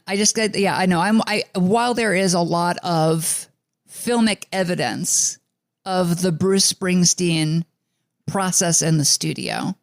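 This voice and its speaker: A man's voice: high-pitched, creaky, no room sound, clean studio sound. A man from the New York suburbs co-hosting a music podcast in a rambling casual chat, full of fillers and restarts. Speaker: podcast co-host.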